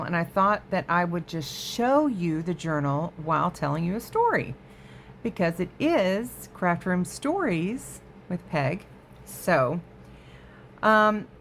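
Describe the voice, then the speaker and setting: In her home craft room, a woman with a lowish, creaky voice hosts a crafting vlog, chatting casually with viewers in a show-and-tell style and getting sidetracked easily. There's a little hiss or hum on the audio.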